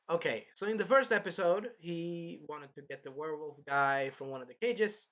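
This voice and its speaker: A man with a fairly high voice chats casually while reviewing an anime episode. He talks in an animated way, swears freely and acts out bits of dialogue. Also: dull audio. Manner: animated, swearing, retells scenes in put-on voices. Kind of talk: casual chat.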